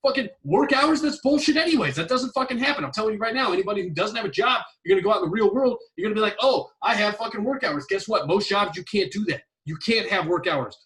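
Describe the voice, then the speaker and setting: A man's voice: high voice, animated, quick pace, few pauses, fairly bright tone, far from the mic. A man hosting a relationship advice podcast, ranting bluntly and swearing constantly as he repeats his points. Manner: profane, emphatic, repetitive ranting. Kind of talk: blunt advice-show rant.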